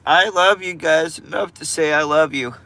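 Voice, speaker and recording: A man's voice: a little high, normal speed, sharp tone, a little hiss or hum. A man livestreaming, giving viewers an earnest, emotional pep talk full of swearing.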